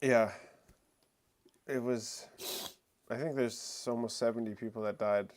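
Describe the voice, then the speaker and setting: A man hosting a casual livestream chat, joking and animated, often slipping into playful accent impressions. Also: medium pitch, measured pace. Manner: animated, jokey, mimics accents. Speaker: livestream host.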